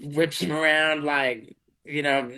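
A man talking as a guest over a video call, halting and full of fillers as he tells a story. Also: fairly high pitch, fairly even intonation, pushed and bright, rough recording. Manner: halting, lots of fillers and restarts, laughs along.

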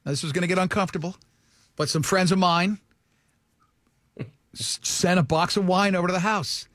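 A man's voice: sits high, moderate pace, a bit bright, no echo, clean studio sound. A man hosting a radio show, chatting casually with a guest and firing off jokey asides.

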